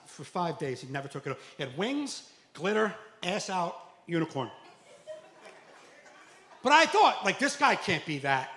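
A man doing a stand-up comedy set, animated and acting out characters with sudden loud outbursts. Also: on the high side, slight background noise. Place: comedy club. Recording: echoey club with faint ambience.

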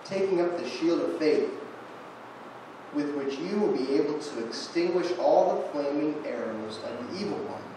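A man's voice: fairly high pitch, animated, moderate pace. A young man giving a guest sermon in a church, telling a fishing story with self-deprecating humor. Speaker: guest preacher. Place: church sanctuary. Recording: echoey church room from far off, noisy.

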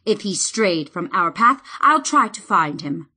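A woman voicing a calm young male king in an audiobook, in a steady, reassuring tone. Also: medium pitch, a little slow, breathy edge, full character voice. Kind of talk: audiobook reading.

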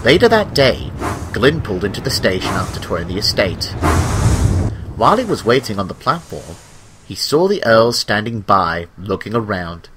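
Expressive man narrating a storybook. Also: on the low side, normal speed, very noisy.

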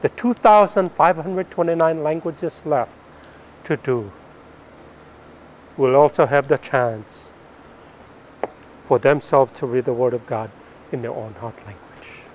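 A middle-aged missionary pilot and Bible translator from the northern Philippines recounts his story to an audience in a medium-pitched voice, with slight background noise. He tells it with animation, rising in volume and then easing down softly as his lines end.

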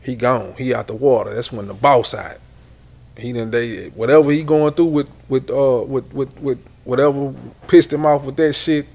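A middle-aged man, telling stories as a guest in a casual interview, loose and animated, often repeating words. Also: mid-range voice, moderate pace, gravelly.

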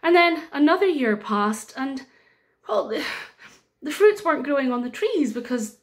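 A Scottish woman reading a children's story aloud with a lively, sing-song delivery. Her voice sits a little high for a woman and rises and dips freely as she pauses and turns to the listeners with asides. It is a playful storytelling voice for young children. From Scotland.

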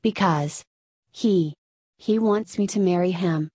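Brief: young woman, ashamed, halting and tearful, dry close sound, read by the narrator. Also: lowish voice, warm tone, husky, no echo. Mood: distraught.

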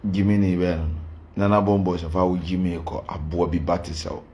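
A man's voice: sits low, flat delivery, fairly quick, darkish tone, roomy sound. A man with a Ghanaian accent, a pastor giving a heated, defiant rant and switching between Twi and Pidgin English.

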